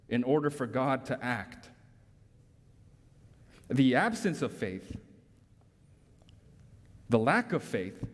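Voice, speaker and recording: A man preaching a sermon as pastor, emphatic, drawing in listeners with rhetorical tag questions. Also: medium pitch. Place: church sanctuary. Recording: long reverb from a large hall.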